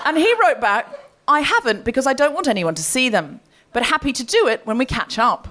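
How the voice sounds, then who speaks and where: A woman hosting a live comedy show tells a story with a bright, high voice that leaps up and down. She laughs as she goes, animated and quick to react. A faint hiss sits under the live recording. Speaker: comedy podcast host. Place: live comedy stage before an audience.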